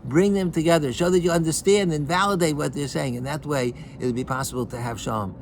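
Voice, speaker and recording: A man, a rabbi, giving a sermon in a halting way, with many repeated words and restarts, and he raises his pitch to act out quoted voices. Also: vocal fry, slight background noise.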